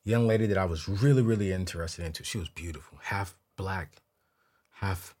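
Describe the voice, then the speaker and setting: A man hosting a money show, telling a casual story to camera in a slangy, animated way and repeating words when excited. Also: low voice, moderate pace. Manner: slangy, keeps it real with viewers. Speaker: host.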